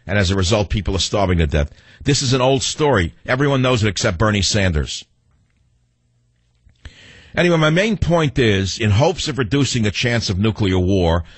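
A man's voice: fairly low pitch, breathy edge, no echo. A middle-aged man hosting a talk radio show, ranting combatively and taking calls. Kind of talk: talk radio monologue and call-in.

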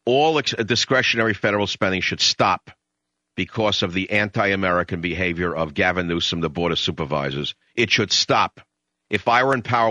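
New york guy ranting on talk radio, forceful and worked up, dry studio sound a bit dull. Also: on the low side, no echo. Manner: emotional, excitable, combative. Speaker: radio talk show host.

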